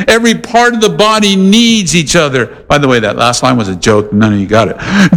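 A man preaching a sermon, animated and conversational, with playful voiced asides. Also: high voice, long reverb tail. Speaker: pastor.

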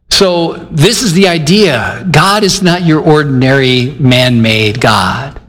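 A man's voice: mid-range voice, slow pace, hardly any pauses, fairly bright tone. Older male pastor preaching in a reverberant hall. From Michigan. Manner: earnest, conversational preaching, acts out his own inner dialogue. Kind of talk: sermon.

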